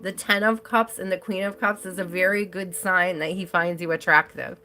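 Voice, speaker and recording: A woman's voice: fairly low pitch, fairly even intonation, moderate pace, bright, forceful tone, slight background noise. A woman doing a live tarot reading for viewers, chatty and giggly, speaking straight to each viewer by name. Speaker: tarot reader.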